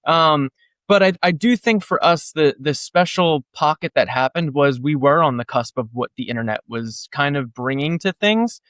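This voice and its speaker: A man in his thirties from New Jersey, a guest musician in a casual interview, has a slightly high, animated, bright voice at a moderate pace. He rambles with heavy "like" fillers and acts out quotes, with no echo on the recording.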